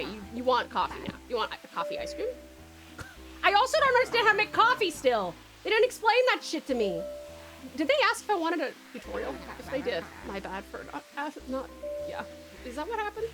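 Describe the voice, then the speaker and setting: Very high-voiced Australian woman streamer. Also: wildly swooping pitch, normal speed, long pauses, over music. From Tasmania, Australia. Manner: frantic, swears a lot, laughs often. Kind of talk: casual gameplay commentary.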